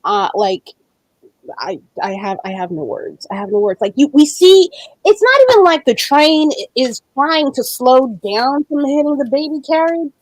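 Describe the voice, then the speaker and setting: A woman hosting a casual chat show, excitable and rambling, with frequent swearing. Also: high-pitched, moderate pace, no room sound. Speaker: podcast host.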